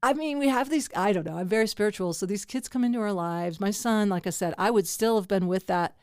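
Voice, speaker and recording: A woman's voice: mid-range voice, a little fast, a little mellow, clean tone, no room sound, studio quality. A woman hosting a casual chat, talking in a rambling way with many restarts. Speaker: podcast host. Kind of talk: casual conversation.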